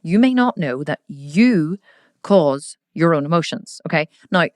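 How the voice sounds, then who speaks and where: A woman hosting a casual motivational podcast, talking straight to the listener in a lively way and acting out voices. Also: low-pitched, measured pace, no room sound. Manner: lively, addresses the listener directly, acts out quoted voices. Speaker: podcast host and coach.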